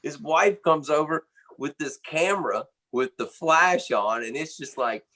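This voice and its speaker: A man, a band's drummer, telling a backstage story in an animated, casual way, full of "man" and "you know.". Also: a little high, a little slow. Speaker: band drummer interviewed.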